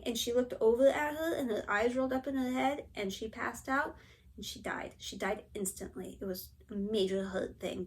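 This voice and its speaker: A middle-aged woman with a fairly high voice tells a personal story to her viewers. She is chatty and animated, and she acts out the people she quotes along the way. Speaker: cross-stitch vlogger. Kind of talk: casual storytelling vlog.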